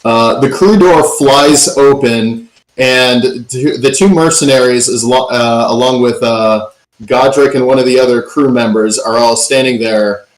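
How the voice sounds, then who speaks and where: Man, game master, tabletop narration, dramatic recaps, mid pitch, echoey room. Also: unhurried. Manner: dramatic recaps with filler ums. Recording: roomy echo.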